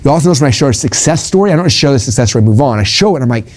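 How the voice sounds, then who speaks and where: A man's voice: mid-range voice, lively intonation, racing, darkish tone. A man giving an informal sales training talk, rambling with ums and restarts and acting out quoted conversations.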